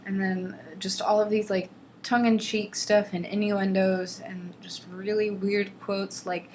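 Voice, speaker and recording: Here a young woman vlogs casual, sarcastic commentary on a novel, her medium-pitched voice measured, a little mellow, and fairly flat in pitch. Exasperated, she ridicules the prose and sighs over it, then launches into exaggerated dramatic readings of excerpts, with a faint background hiss.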